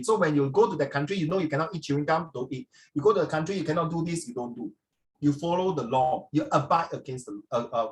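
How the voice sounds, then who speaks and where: A Singaporean man leads a social studies lesson in a classroom, lively and joking with his students. He slips between English and Mandarin and mimics everyday Singlish phrases to make his point. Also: on the high side.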